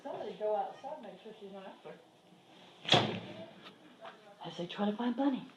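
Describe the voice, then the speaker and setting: Touring viewers around a cat sanctuary on camera, a Southern US woman who works there speaks casually and coos baby talk to the cats. Her mid-range voice is expressive at a moderate pace, and the recording is very noisy.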